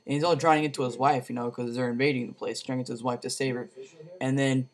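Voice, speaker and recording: Casual reviewer, male, monotone delivery, loose rambling retelling full of "um" and "like". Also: mid-range voice, fast. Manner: rambling, full of fillers and slang. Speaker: movie reviewer.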